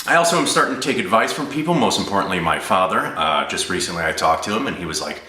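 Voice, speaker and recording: Low, bright-voiced man telling stories. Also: animated, fast. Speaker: improv comedian. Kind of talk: stand-up audition set. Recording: roomy echo.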